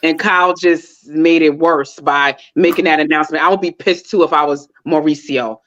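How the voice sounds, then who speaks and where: A woman co-hosting a casual reality TV recap, chatty and animated as she retells scenes. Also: low voice, brisk, few pauses. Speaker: podcast co-host. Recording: dull lo-fi audio.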